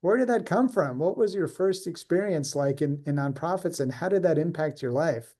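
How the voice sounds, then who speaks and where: A man's voice: a little high, moderate pace, dark tone. A man hosting a panel discussion, introducing guests and asking questions in an upbeat, encouraging way. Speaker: host.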